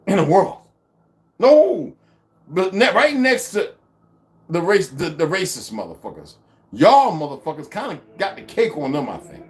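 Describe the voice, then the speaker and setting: A man from the United States delivers a profane vlog rant, heated and full of mockery and swearing. His pitch swings lively as the monologue goes on.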